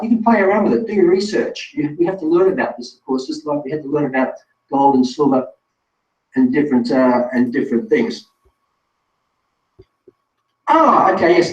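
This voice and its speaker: A man's voice: on the high side, darkish tone. A man presenting a live online webinar, talking straight to viewers in a chatty, self-correcting way. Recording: distant roomy lo-fi sound.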